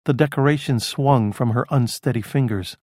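A man narrating a crime novel audiobook in a steady, measured way. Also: medium pitch, breathy edge, no echo. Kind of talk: scripted narration.

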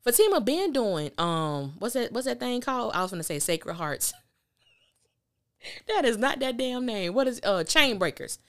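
A woman hosting a podcast, recapping a TV episode in a casual, animated way with blunt slang and emphatic storytelling. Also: a little high, moderate pace. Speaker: podcast host.

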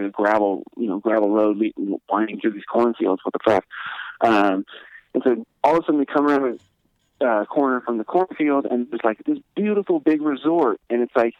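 A man's voice: mid-range voice, dry recording, highs cut off. Rambling, profane male podcast guest. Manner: rambling, profane, many fillers like "like". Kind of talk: casual storytelling.

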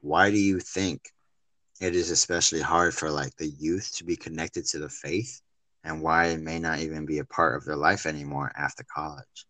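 Male host, very deep, dry close sound, casual. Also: fairly even intonation, moderate pace, pushed and bright, no room sound. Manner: laid-back, filler-heavy, calls guest "my man". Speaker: interviewer. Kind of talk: casual faith interview.

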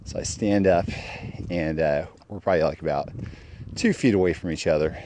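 A man with a very deep voice tells a personal story in a loose, casual way. He rambles, stops to restart, and fills the gaps with lots of "uh" and "um". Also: normal speed, warm tone, a little hiss or hum. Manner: rambling with many fillers, mimics other voices.

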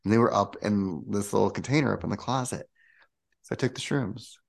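Guy with a gravelly voice chatting about his path as a spiritual coach, animated, acts out the quotes. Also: lowish voice, brisk. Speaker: guest, spiritual coach and channel. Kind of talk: casual storytelling interview.

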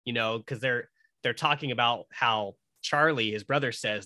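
A man's voice: medium pitch, expressive, moderate pace, sharp tone, no room sound. A man co-hosting a casual movie podcast, talking thoughtfully about films. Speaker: podcast co-host.

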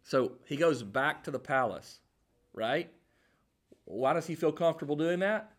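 Animated, lively preacher man. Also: a little high, measured pace. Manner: animated, jokey storytelling with acted-out quotes. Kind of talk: sermon.

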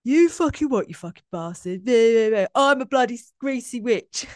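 Woman doing a shrill greasy witch, loud, sweary, scornful, dry close sound. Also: expressive, normal speed, no room sound, natural voice. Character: crude greasy female imposter-syndrome witch.

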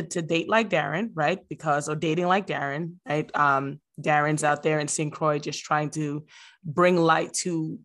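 A woman's voice: deep voice, fairly bright tone. A woman from the Virgin Islands co-hosting a casual podcast, telling stories playfully. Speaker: podcast co-host.

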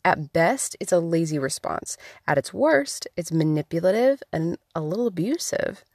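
A woman's voice: on the low side, very animated, normal speed, a little mellow, no echo, studio quality. A young adult woman hosting a solo podcast, talking candidly with wry asides. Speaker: podcast host.

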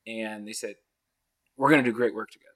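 A man guesting on a podcast, telling stories casually and acting out other people's lines with big jumps in pitch, laughing often as he goes. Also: quick pace. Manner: animated, acts out quoted voices with big pitch jumps; laughs often mid-story. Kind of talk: casual storytelling.

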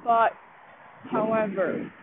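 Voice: mid-range voice, flat delivery. Breathless vlogger on a tinny phone mic. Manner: rambling, halting with many fillers and restarts. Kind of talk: casual walking vlog. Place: outdoors, walking uphill. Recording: tinny phone-like sound with faint outdoor noise.

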